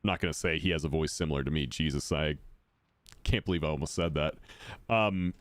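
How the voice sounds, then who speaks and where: A man with a deep voice chatting casually and rambling while he streams a game. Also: brisk, dry recording. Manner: rambling, self-correcting, laid-back. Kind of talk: casual chat while gaming.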